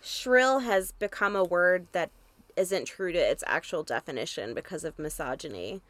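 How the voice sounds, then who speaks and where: A woman's voice: fairly low pitch, animated, moderate pace, a bit bright. A woman co-hosting a podcast in casual chat, chatty, blunt and opinionated, with the odd swear. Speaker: podcast co-host.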